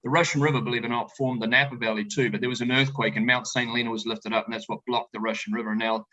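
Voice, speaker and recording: A middle-aged man, a winemaker, telling animated, joking stories to a tasting audience over a video call. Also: mid-range voice, racing, lo-fi sound. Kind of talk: storytelling talk to a tasting audience. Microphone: video call presentation.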